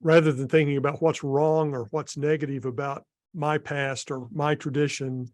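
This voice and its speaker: A man's voice: a little high, flat delivery, moderate pace, no echo. A man interviewing a guest, politely reframing audience questions with some fillers.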